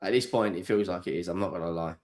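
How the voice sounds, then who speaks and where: A man's voice: low-pitched, fast, a little mellow. A man hosting a live football watchalong stream, ranting in exasperation and swearing freely.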